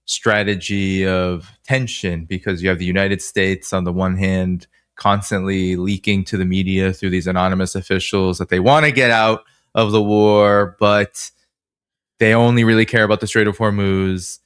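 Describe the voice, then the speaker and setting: A man with a Boston accent asks long, meandering questions, hesitating often with lots of "uh" and "you know." His voice sits fairly low and sounds dry and close, with no room around it. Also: level tone, moderate pace, a bit bright, clean tone, dry recording. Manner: hesitant, many fillers, long winding questions. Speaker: interviewer. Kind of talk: interview questions.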